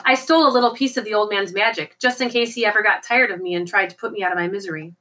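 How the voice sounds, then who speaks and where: A woman's voice: medium pitch, racing, bright, forceful tone, natural voice. A woman reading the lines of a sly, treacherous male servant who talks in a wheedling, boastful way. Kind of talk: audiobook character reading.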